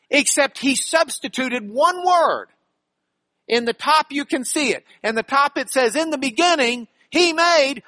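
A man's voice: extremely high pitch, sharp tone, no echo. A man preaching a sermon, explaining scripture and repeating key words for emphasis, with asides that poke fun at himself. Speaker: pastor. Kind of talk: sermon teaching.

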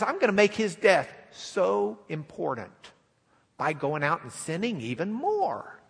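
Preacher putting on a squealing giddy churchgoer guy, way up high and loud, drawn out, big hall echo. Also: gravelly, husky, exaggerated voice. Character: gleeful careless male churchgoer eager to sin.

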